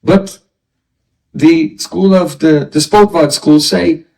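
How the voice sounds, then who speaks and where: Slow, high-voiced man lecturing from afar. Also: fairly even intonation, gravelly, darkish tone. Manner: explanatory, asks rhetorical questions. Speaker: spiritual teacher. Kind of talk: philosophy lecture. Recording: voice distant from the mic.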